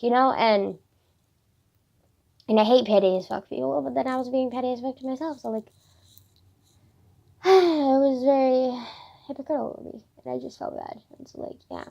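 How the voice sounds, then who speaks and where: A woman's voice: a little high, brisk, gravelly, a little mellow. A teenage girl vlogging casually, rambling with lots of "like" fillers and swearing as she vents about her day. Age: teens. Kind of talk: casual diary vlog. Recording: dull lo-fi recording.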